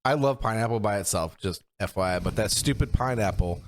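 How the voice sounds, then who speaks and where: A man's voice: lowish voice, brisk, slight background noise. A man co-hosting a casual podcast, blunt and teasing, sticking stubbornly to his opinions. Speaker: podcast co-host. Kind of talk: casual chat.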